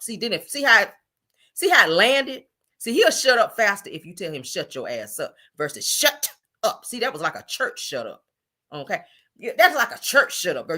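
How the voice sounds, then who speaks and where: Woman gossip host, sassy and expressive, lively pitch, bright and forceful tone. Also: fast talker. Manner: sassy, animated, says "honey" and "child" a lot. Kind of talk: casual gossip commentary.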